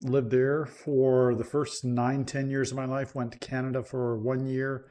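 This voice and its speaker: A man's voice: mid-range voice, flat delivery, measured pace, dark tone. A man born in Scotland, speaking as a leadership coach guest, earnest and storytelling on a remote call. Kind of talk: conversational interview. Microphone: remote call mic.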